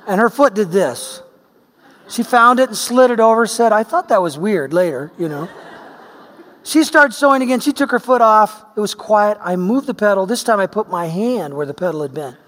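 Middle-aged male preacher, high voice, animated storyteller, long hall reverb. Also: normal speed. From Oregon, US. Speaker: pastor. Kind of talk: sermon with personal story.

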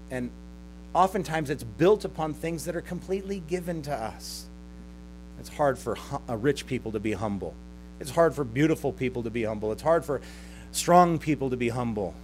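A man's voice: medium pitch, darkish tone. A man who is a pastor preaching a sermon to his congregation, talking in a conversational way with chuckles and sarcastic asides. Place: church service with a live congregation.

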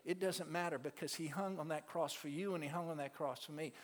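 A man's voice: fairly high pitch, fairly quick, few pauses. A man telling a testimony as a ministry teacher, an earnest storyteller who stumbles and repeats his words. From South Louisiana. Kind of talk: testimony talk to a church audience. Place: auditorium. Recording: long hall reverb.

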